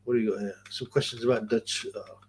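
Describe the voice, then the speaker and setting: A man's voice: fairly low pitch, steady tone, fast. A man hosting a casual livestream, rambling, swearing freely and laughing often as he tells stories and reads questions. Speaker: livestream host.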